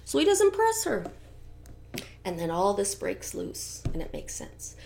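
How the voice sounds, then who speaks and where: A middle-aged woman giving a chatty, gossipy tarot reading with animated asides. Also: medium pitch, measured pace, gravelly, slight background noise. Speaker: tarot reader. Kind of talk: casual tarot reading commentary.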